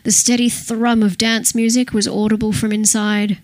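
A woman reading a crime novel aloud in steady, scripted narration. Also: medium pitch, moderate pace, no room sound. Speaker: audiobook narrator.

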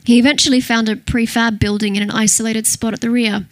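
A woman reading a crime novel aloud in steady, scripted narration. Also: on the high side, fast talker, dry recording. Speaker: audiobook narrator.

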